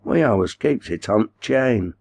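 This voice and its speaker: A man's voice: lowish voice, lively intonation, a little slow, vocal fry, a little mellow, pitched above the performer's own voice, heavily acted. Brief: male narrator playing a jeering farm boss, domineering and scornful. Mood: sneering. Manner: sneering, jeering. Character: sneering domineering farm boss, grown man.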